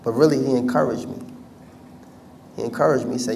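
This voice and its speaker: A man's voice: medium pitch, fast, vocal fry, long pauses, far from the mic, background noise. American man telling his story, from afar. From United States. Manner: conversational storytelling, addresses audience directly. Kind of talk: personal testimony talk.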